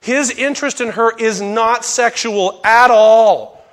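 A middle-aged man preaching a conversational Bible sermon, with folksy asides and sudden loud bursts when he acts out lines. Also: very high voice, takes it slowly. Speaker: pastor teaching a Bible study.

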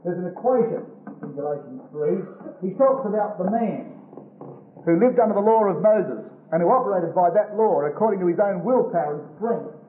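A man preaching an expository Bible sermon, slowing down to stress each quoted verse. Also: high-pitched, lively intonation, a little hiss or hum. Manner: slows to stress quoted scripture. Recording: tinny phone-like recording.

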